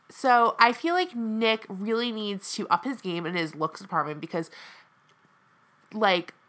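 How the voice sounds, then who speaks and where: Bright-voiced chatty woman. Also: mid-range voice. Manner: chatty and dramatic, frequent "like". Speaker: co-host. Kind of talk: casual podcast chat.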